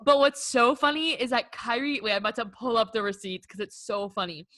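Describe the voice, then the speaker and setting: A woman's voice: a little high, fairly quick, fairly bright tone, no room sound. A young woman co-hosting a podcast, telling a story in casual chat, filling her talk with "like". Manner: chatty storyteller, heavy use of "like". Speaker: podcast co-host.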